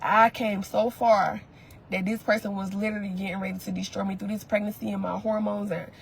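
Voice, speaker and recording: A woman's voice: mid-range voice, little pitch movement, fairly quick, vocal fry, a little hiss or hum, low-quality recording. A pregnant woman talking straight to her viewers in an emotional vlog, repeating lines for emphasis. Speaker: content creator.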